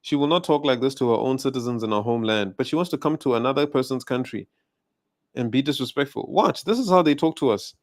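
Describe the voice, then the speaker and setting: A South African man with a South African accent delivers an indignant commentary, firing off rhetorical questions. His voice sits at an ordinary middle pitch. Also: fast. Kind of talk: ranting video commentary.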